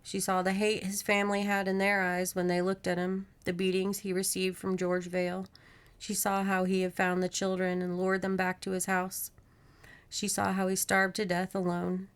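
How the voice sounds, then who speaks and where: A woman hosts a podcast, reading a horror novel aloud at an even pace. Her narration is steady and plain, broken by friendly asides to her co-host. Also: medium pitch, moderate pace, clean tone.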